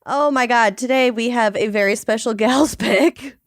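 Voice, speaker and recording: A woman co-hosting a podcast in casual chat, talking quickly, laughing often and swearing casually. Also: fairly high pitch, no echo, clean studio sound. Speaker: podcast co-host.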